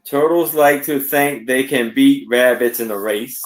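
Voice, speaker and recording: A man co-hosting a live sale, casually reading out and showing a picture book in simple phrases. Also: medium pitch. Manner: plain, slow, simple phrasing.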